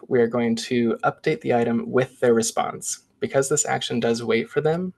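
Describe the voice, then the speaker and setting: Man, live software demo, gravelly voice, casual step-by-step talk. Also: mid-range voice. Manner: casual step-by-step walkthrough, chatty asides. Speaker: presenter.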